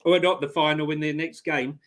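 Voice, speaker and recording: A man's voice: a little high, steady tone, a little fast, fairly bright tone. A man co-hosting a casual live stream, laid-back and jokey, with many ums and uhs. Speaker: co-host.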